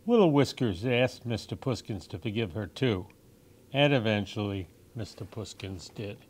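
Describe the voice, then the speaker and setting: A man reading picture books aloud for children in a gentle, expressive storytime manner. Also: lowish voice. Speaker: storytime reader.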